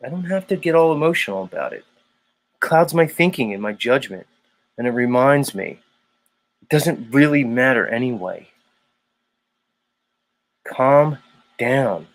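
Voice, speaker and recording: 男性の配信ホスト、荒っぽく熱くなる話し方. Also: male voice, mid-range voice, moderate pace. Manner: profane, heated, then mock-calm. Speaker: livestream host. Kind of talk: casual live-stream rant.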